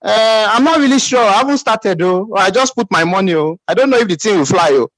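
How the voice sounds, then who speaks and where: Man doing a mumbling, doubtful recruit, Nigerian English, higher and whinier, halting "um"s. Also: animated, a bit bright, no echo, low-quality recording. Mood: doubtful, whiny. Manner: stammering, halting, whiny. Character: hesitant unsure male recruit, mumbling and doubtful.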